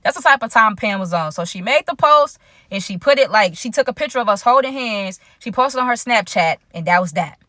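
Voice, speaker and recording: Bright, chatty woman telling a storytime. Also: fairly high pitch, animated, brisk, dry recording, studio quality. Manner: slangy, chatty, talks straight to viewers as y'all and chat. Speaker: content creator telling a story. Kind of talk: casual storytime vlog.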